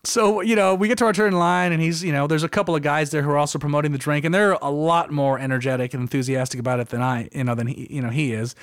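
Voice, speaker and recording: A man's voice: fairly high pitch, fairly even intonation, fast talker, hardly any pauses, smooth, dry recording, studio quality. A young man telling a story in casual chat, rambling and self-deprecating, acting out quotes in a raised voice.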